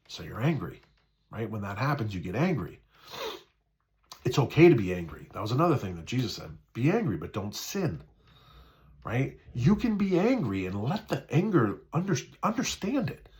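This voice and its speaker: A man's voice: mid-range voice, very animated, normal speed, a little mellow. A man in a casual spiritual talk, speaking conversationally, repeating himself, often asking "right?" and acting out the voices in people's heads. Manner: acts out quoted inner voices.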